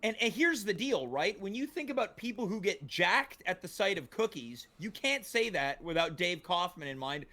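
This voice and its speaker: A man's voice: high-pitched, very animated, normal speed, hardly any pauses, bright, forceful tone. A man hosting a comedic talk show, playful, with big announcer-style build-ups. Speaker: host.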